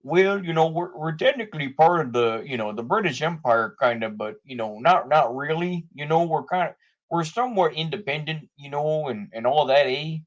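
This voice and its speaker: A man's voice: on the high side, expressive, moderate pace, lo-fi sound, natural voice. A man putting on a mocking, stereotyped Canadian accent, playing a meek, folksy Canadian man who ends his lines with "eh". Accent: put-on Canadian. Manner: sing-song, ends lines with "eh" and "you know".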